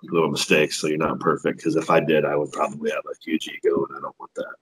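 A man's voice: a bass voice, level tone, quick pace, slight background noise, low-quality recording. A man who works as a ring announcer, telling stories in a laid-back, profane, self-deprecating way as a podcast guest. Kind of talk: casual podcast storytelling.

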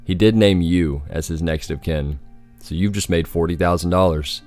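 A man voicing a calm, smug male villain who runs a deadly game. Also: sits low, normal speed, soft background music, close to an everyday voice. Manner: calm, matter-of-fact menace.

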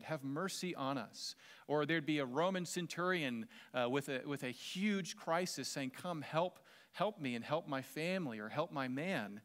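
A man's voice: mid-range voice, a bit bright. A pastor in his thirties with a Southern American accent, preaching a sermon in a conversational way with humorous asides to the congregation.

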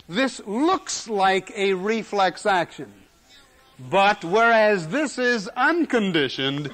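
Emphatic high-voiced male lecturer. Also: animated, takes it slowly, a bit bright. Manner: emphatic, repeats key words for effect. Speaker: lecturer in general semantics. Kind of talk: recorded classroom lecture. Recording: 1970s lecture recording.

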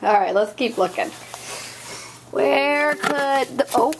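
A woman's voice: sits high, takes it slowly, gravelly, slight background noise, rough recording. A woman filming a home vlog as a mother, chatting with her young child in a playful, teasing way while they unpack boxes at home. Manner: playful, teasing, coaxing questions. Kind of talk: casual home vlog chat.

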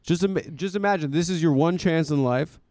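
A man's voice: on the high side, a little fast, darkish tone, no echo, studio quality. A man hosting a comedy podcast, teasing his guest in casual banter. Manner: teasing, wry, riffing. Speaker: podcast host.

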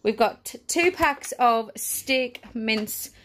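Breathless and pregnant, a young woman chats about her family's grocery haul for her vlog, correcting herself and laughing easily. Her fairly high, slightly bright voice is animated but slow, over slight background noise.

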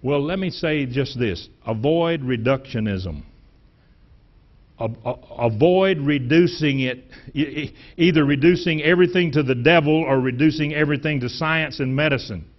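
A middle-aged man preaching a sermon in a church, with emphatic delivery, restarts and repeated words, and sudden loud rises. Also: a little high, a little slow, highs cut off. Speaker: pastor. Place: church sanctuary.

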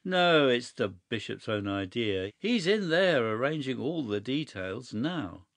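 A man reading a story aloud, voicing a cool, mischievous young gentleman who speaks calmly and matter-of-factly. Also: mid-range voice, unhurried, gravelly, no room sound, exaggerated voice. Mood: sly. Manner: calm, matter-of-fact, sly.

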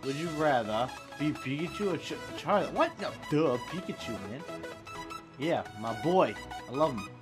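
A young man giving loud, excitable gameplay commentary, swearing and laughing often. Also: a little high, moderate pace, over music. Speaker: gaming YouTuber.

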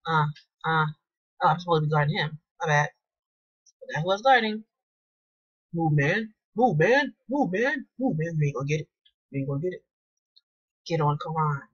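A woman hosting her channel, giving casual, excitable commentary while she plays a basketball video game and shouts at the players on screen. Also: low voice, breathy edge, dull audio. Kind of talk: casual live gameplay commentary.

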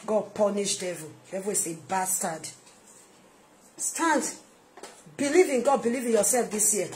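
A woman minister with a Nigerian accent, preaching an emphatic sermon-style video message that repeats its points and swings between soft asides and loud outbursts. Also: medium pitch, measured pace, slight background noise.

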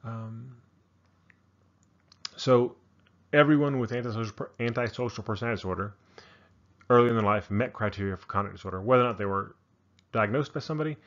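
A man's voice: medium pitch, a little fast, long pauses, a bit bright, muffled recording. A man giving a casual narrated psychology lecture, thinking aloud with frequent ums and restarts. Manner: casual, many fillers and restarts.

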